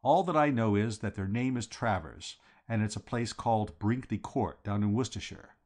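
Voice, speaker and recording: A man voicing an anxious, timid young English gentleman who pleads for help. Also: on the low side, normal speed, natural voice. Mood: flustered.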